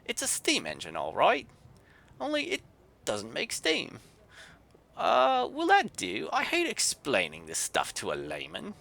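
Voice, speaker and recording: A man voicing a gruff, grumbling female mechanic with a put-on Yorkshire accent in a video game. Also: sits high, huge pitch swings, measured pace, pushed and bright, pitched above the performer's own voice, heavily acted. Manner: grumbling, exasperated.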